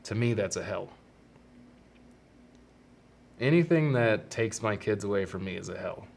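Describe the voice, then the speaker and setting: A man hosting a solo podcast, talking earnestly and haltingly about fatherhood and fear of death, often restarting his sentences. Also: on the low side, animated, creaky, a little mellow. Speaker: podcast host. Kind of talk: reflective solo podcast monologue.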